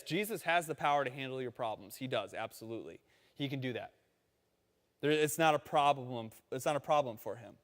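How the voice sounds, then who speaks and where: A man preaching a sermon in a conversational, animated storytelling manner, acting out quotes along the way. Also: mid-range voice, long reverb tail. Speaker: pastor.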